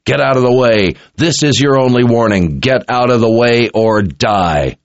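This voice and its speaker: A man's voice: low-pitched, lively intonation, normal speed, dry recording, muffled recording. A man voicing a grim, ruthless male warrior leader in a storybook reading, with hard, commanding orders. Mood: shouting orders.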